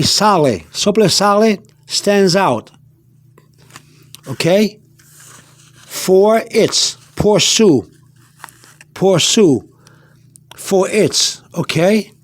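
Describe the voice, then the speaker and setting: Slow, high-voiced man teaching vocabulary. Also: lively intonation, dry recording. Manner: slow and repetitive, spells words out letter by letter; meandering, with many restarts and fillers. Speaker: Spanish teacher. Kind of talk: informal vocabulary lesson.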